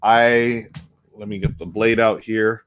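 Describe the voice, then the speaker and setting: Man, low-voiced host, rambling casual live-stream chatter while unboxing. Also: fairly even intonation, takes it slowly, fairly bright tone. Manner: chatty, rambling, with frequent restarts and fillers. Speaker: board game streamer and host.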